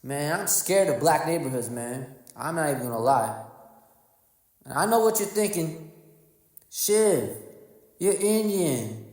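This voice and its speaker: A man's voice: on the high side, lively intonation, normal speed, a little mellow. A man from North Carolina doing a brash, profane stand-up comedy routine, mocking people as he tells stories. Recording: echoey room with long reverb.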